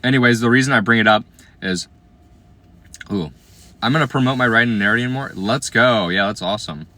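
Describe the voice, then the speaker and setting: Chatty young man with a bright voice. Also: mid-range voice, brisk. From Iowa, USA. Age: 20s. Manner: chatty and playful, slangy, trailing off into quiet asides. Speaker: livestreamer. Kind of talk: casual livestream chat reading comments.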